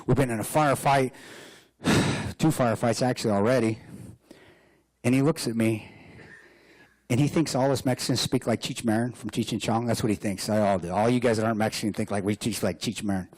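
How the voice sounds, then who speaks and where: Animated man telling a war story. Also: lowish voice, brisk. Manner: animated, joking, laughs often. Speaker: guest speaker. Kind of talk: storytelling speech. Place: hotel banquet room.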